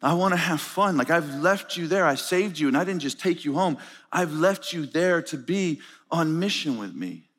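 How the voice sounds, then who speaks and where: Male preacher, higher-pitched, lively storyteller, live hall with long reverb. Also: moderate pace. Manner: animated storytelling, acts out dialogue. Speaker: pastor. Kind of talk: conference sermon.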